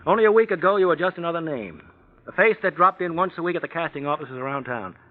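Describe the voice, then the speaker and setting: An actor playing a brisk, confident movie producer who talks in a breezy, reassuring way, in 1940s radio acting. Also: male voice, fairly high pitch, expressive, lightly acted. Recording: tinny 1940s radio recording.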